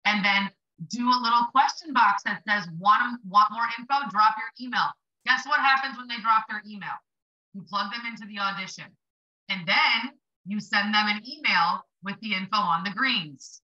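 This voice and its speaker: Blunt, chatty woman with a very bright voice. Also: medium pitch, normal speed, dull audio. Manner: blunt, chatty, swears for emphasis. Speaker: livestream host coaching small business sellers. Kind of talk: casual motivational live stream.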